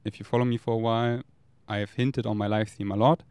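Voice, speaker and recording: A man rambles candidly, swearing freely as he talks. His voice is smooth and clear. It sounds dry and close, with no room echo. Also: lowish voice, fairly even intonation, fast talker, darkish tone. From Germany. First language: German. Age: 30s. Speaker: vlogger. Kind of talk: casual confessional monologue.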